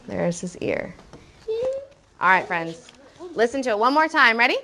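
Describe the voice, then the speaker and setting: A woman teaching a first-grade language lesson, encouraging and animated, reading lines aloud slowly and rhythmically. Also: on the high side.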